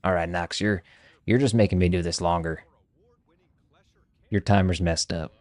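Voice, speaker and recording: A low-pitched, slightly mellow male voice holds a steady tone at normal speed in a dry recording. The speaker, a man from Texas, is livestreaming a game and bantering with viewers in a joking, foul-mouthed way, all in a put-on thick Texas accent.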